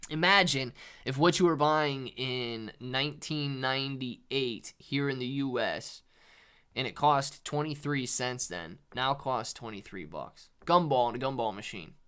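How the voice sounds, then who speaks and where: A man's voice: mid-range voice, a little slow, bright, forceful tone, clean tone. A man hosting a casual livestream about markets, chatty, calling viewers dude and man. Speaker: livestream host. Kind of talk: casual live market commentary.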